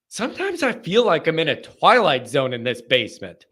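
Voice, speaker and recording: A man hosting a call-in show from his basement, chatting casually with animated, joking banter. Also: on the high side, normal speed, breathy edge. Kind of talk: casual chat.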